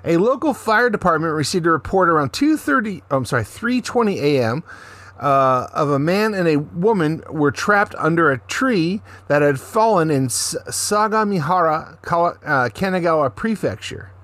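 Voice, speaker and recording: A man's voice: on the high side, lively intonation, moderate pace, a bit bright, dry recording. A man co-hosting a casual podcast, reading a news story with frequent stumbles and corrections, then joking sarcastically. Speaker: podcast co-host.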